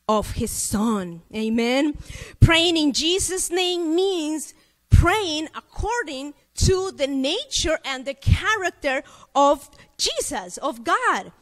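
A woman from Latin America preaching a sermon, telling a personal story and asking her listeners questions. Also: high-pitched. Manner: animated storytelling, addresses audience with questions. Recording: long reverb of a hall.

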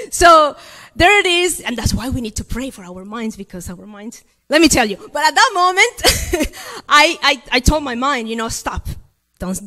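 A woman from Latin America preaching a sermon, telling a personal story and asking her listeners questions. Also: high-pitched. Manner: animated storytelling, addresses audience with questions. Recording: long reverb of a hall.

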